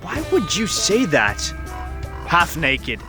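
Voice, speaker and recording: A man's voice: wildly swooping pitch, takes it slowly, music in the background. Playful young man voicing game characters. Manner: playful, voices characters in high falsetto, rambling asides. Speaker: gaming YouTuber. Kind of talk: voicing game dialogue with commentary. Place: outdoors.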